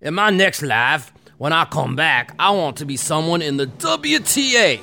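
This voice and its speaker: A man's voice: on the high side, big pitch swings, unhurried, gravelly, sharp tone, soft background music, voice pushed up, exaggerated voice. A man voicing a pompous older male tennis executive in an affected, mocking put-on voice.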